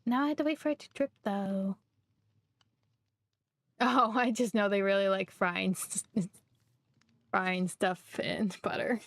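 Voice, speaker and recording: A young woman from Missouri, chatting casually and rambling while she streams a game, quick to poke fun at herself. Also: mid-range voice, fairly even intonation, dry recording, clean studio sound. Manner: rambling, chatty, self-deprecating. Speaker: livestreamer. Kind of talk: casual live gameplay chat.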